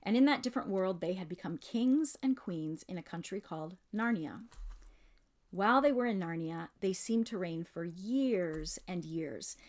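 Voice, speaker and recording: A woman reading a children's novel aloud in measured, expressive narration. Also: on the low side. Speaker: reader. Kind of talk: storybook read-aloud.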